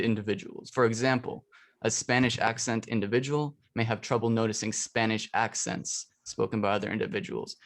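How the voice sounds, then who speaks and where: A young man, an undergraduate, giving an academic research presentation, explaining carefully and restating his points. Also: on the low side. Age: young adult. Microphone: computer mic for an online presentation.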